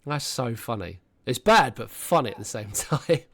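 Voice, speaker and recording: A British man in his thirties co-hosts a loose, casual podcast chat. He tells rambling anecdotes and swears freely, at an ordinary middle pitch. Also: lively intonation, moderate pace, gravelly. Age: 30s. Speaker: podcast co-host.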